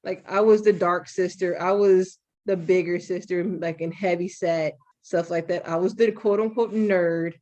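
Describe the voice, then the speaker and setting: A young adult woman hosting a podcast, talking frankly and with some profanity in an animated, storytelling way. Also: fairly low pitch, a little slow, few pauses, dull audio. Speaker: podcast host. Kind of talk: candid podcast conversation.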